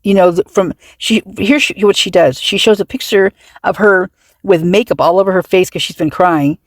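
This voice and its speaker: A woman's voice: mid-range voice, moderate pace, dry recording. Indignant woman host, dry close sound. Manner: indignant and agitated, with frequent restarts and trailing fillers. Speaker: true-crime commentary channel host. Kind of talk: casual reaction commentary to a camera.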